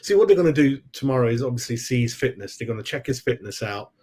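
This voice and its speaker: A man's voice: mid-range voice, lively intonation, fast talker, darkish tone, breathy edge. A man hosting a football fan channel, chatting on a live stream in a rambling, easygoing way, laughing often and calling his viewers mate. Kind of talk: casual live-stream chat.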